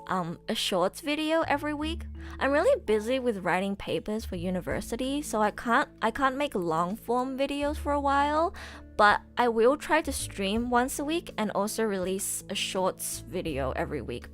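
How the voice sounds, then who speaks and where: A woman's voice: fairly high pitch, very animated, moderate pace, faint music behind. A young adult woman voice actress chatting casually on a live stream, bubbly and giggly, gushing with enthusiasm.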